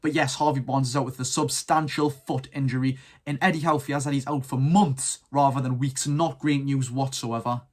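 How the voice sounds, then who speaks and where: A man's voice: medium pitch, steady tone, moderate pace, hardly any pauses, darkish tone. A seventeen-year-old with a Geordie accent, chatting casually to camera about his football club with strong opinions. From North East England. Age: teens. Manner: chatty, rambling, keen opinions. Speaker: football fan vlogger.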